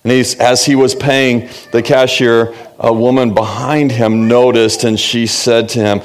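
A man's voice: medium pitch, steady tone, unhurried, hardly any pauses. A middle-aged man, a pastor, preaching a sermon in an earnest, conversational way and asking the congregation questions.

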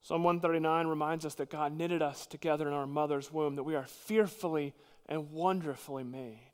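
A man preaching a sermon as pastor, earnest and emphatic, dropping suddenly to quiet at times. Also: fairly high pitch, fairly even intonation, moderate pace, clear, resonant tone, long reverb tail.

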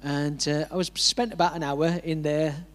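A man preaching from the pulpit, slipping into a relaxed storytelling manner. His voice sits a little higher than most men's, and he acts out the voices he quotes with small chuckles. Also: moderate pace. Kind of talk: sermon with personal story.

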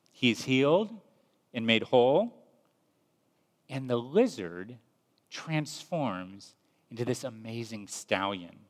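A man preaching a sermon in a measured, earnest storytelling manner. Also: medium pitch, fairly bright tone. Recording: long reverb.

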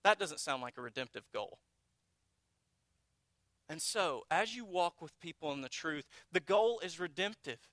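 A man's voice: a little high, expressive, measured pace, long pauses, sharp tone, dry recording. A man preaching a sermon as pastor, earnest and blunt, asking the congregation rhetorical questions.

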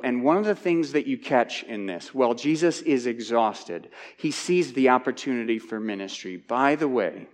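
Man preaching in a reverberant hall. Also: medium pitch. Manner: conversational, repeats words when restarting. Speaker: Bible teacher. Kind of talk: expository sermon.

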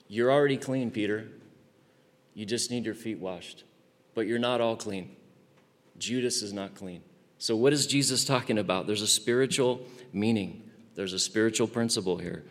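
Lively conversational preacher man, reverberant hall. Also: fairly low pitch. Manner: conversational, animated preaching with asides and laughter. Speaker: pastor. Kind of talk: sermon.

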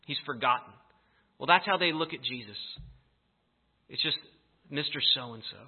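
A man preaching a sermon, telling the story in an animated, emphatic way. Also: medium pitch, moderate pace, slightly rough. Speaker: pastor. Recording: tinny phone-like audio.

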